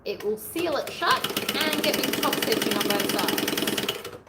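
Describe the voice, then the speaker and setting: A woman hosting a long sewing livestream in casual chat, playfully narrating each step aloud, her voice a little hoarse from hours of talking. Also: a little high, lively intonation, measured pace. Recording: echoey room, faint background noise.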